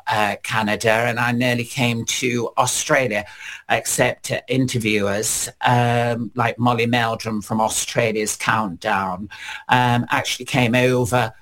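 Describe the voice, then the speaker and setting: Middle-aged male interviewee, gravelly, slow, rambling raconteur. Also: mid-range voice. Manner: slow, rambling, many fillers, animated when quoting others. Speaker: interviewee, singer. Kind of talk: casual interview storytelling.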